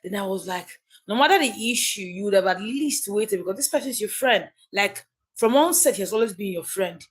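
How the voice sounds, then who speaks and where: Nigerian woman, livestream host, casual commentary, emphatic, repeats herself, mid-pitched voice. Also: lively intonation, brisk, slightly rough. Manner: chatty, emphatic, repeats key phrases.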